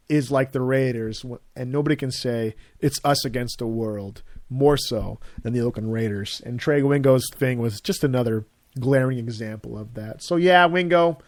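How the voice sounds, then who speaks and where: A man co-hosting a sports podcast, telling stories loosely and trailing off low at the ends of thoughts. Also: no room sound, studio quality. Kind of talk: casual sports talk.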